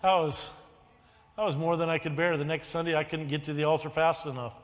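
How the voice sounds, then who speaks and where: High-voiced male pastor preaching in a hall. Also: fairly even intonation, fairly quick, a little hiss or hum. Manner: swings between hushed confession and loud preaching. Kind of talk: sermon with personal testimony. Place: church sanctuary.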